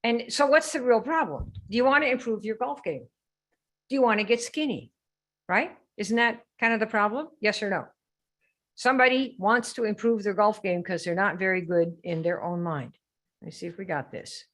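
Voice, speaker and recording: A woman's voice: mid-range voice, normal speed, a bit bright. A woman hosting a live sales training stream, brash and teasing as she quizzes her viewers. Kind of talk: lively live-stream coaching.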